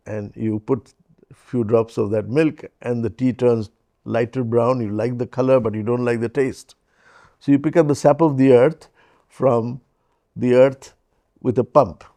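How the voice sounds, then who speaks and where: A man delivers a reflective talk built on stories. His voice is mellow and dark with a gravelly texture. He moves at an unhurried pace and adds gentle humor. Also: medium pitch. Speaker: speaker on leadership and mindfulness.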